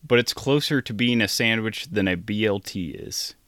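A man co-hosting a casual podcast, answering questions with dry, deadpan humor. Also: on the low side, normal speed, no echo. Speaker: podcast co-host. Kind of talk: casual chat.

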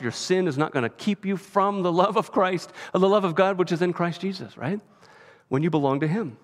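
A man preaching in a church, his fairly high voice ringing out with a long hall reverb. He keeps the sermon conversational and often checks in with his listeners by asking "right?". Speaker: pastor.

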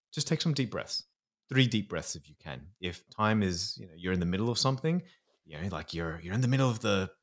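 A man, a psychologist explaining things earnestly in a podcast interview. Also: on the low side. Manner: earnest, explanatory, slips into acting out inner voices. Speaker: psychologist guest.

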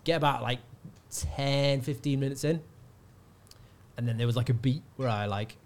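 A male comedian, telling a lively story in casual chat and acting out the people in it. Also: mid-range voice, normal speed. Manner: animated storyteller, shouts out quoted hecklers. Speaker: guest comedian.

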